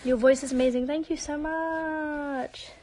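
A woman's voice: high-pitched, fairly even intonation, unhurried, mellow, slight background noise. A young woman with a British accent chatting casually during a live-stream Q&A. She talks bubbly and chatty, often dropping to a whisper for asides, on a phone held at arm's length. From born in Spain, raised in London. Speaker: live-stream host answering fans.

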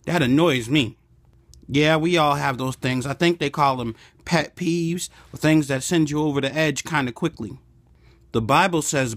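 A man's voice: a little high, normal speed, fairly bright tone, no echo. Upbeat man hosting a devotional vlog. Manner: upbeat, preachy, playful. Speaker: host.

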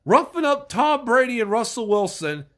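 Angry and profane, the fan vlogger yells about their team in a mid-range, sing-song voice at a normal pace, sounding stuffed up from a cold.

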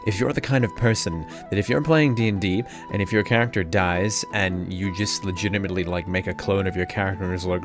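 A man's voice: low-pitched, fairly quick, hardly any pauses, over music. An Australian man hosting a tabletop game podcast after-show in casual, rambling chat. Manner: rambling, chatty.

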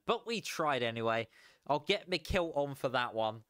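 A tired young man chatting casually as a sim racing streamer, relaxed and rambling with frequent chuckles. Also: medium pitch, normal speed, clear, resonant tone, dry recording, studio quality. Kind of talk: casual live stream chat.

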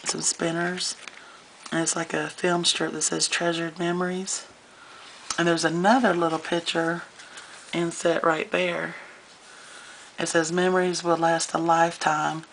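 A woman talks slowly through a casual show-and-tell vlog, gushing and getting a little choked up. Her voice is low and gravelly and stays fairly flat. A faint hiss sits behind her. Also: poor audio. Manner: gushing, chatty, easily moved. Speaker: scrapbooking vlogger.

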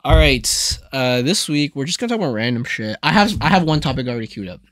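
A man's voice: mid-range voice, fast, dry recording. Laid-back young man chatting, dry sound. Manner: relaxed, rambling, with many "like" fillers. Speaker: podcast co-host. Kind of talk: casual chat.

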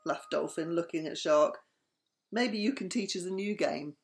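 An older woman, a grandmother, reading a bedtime story aloud in a gentle, soothing, sing-song way. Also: lowish voice, normal speed.

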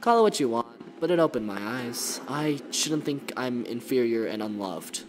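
A man's voice: medium pitch, lively intonation, moderate pace, a little hiss or hum, close to an everyday voice. Man reading as a resolute young woman.

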